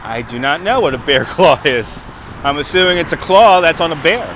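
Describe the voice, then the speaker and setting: A man's voice: a little high, animated, normal speed, a bit bright, a little hiss or hum. A man hosting a casual livestream outdoors, chatting and answering viewers' comments as he walks, filmed on a phone held on a gimbal. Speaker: livestream host. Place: outdoors on a city waterfront. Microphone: phone on a handheld gimbal.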